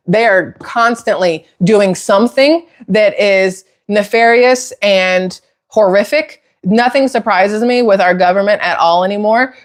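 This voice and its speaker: Woman host, heated emphatic rant, mid pitch, swings into outraged high bursts. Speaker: political commentary host. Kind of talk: casual opinion talk with viewers.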